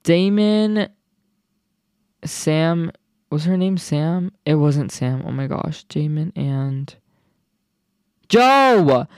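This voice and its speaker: A young man hosting his own podcast, chatting casually in an excitable, rambling way full of asides. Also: on the high side, slow pace, clear, resonant tone, no room sound, studio quality. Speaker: podcast host. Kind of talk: casual solo podcast chat.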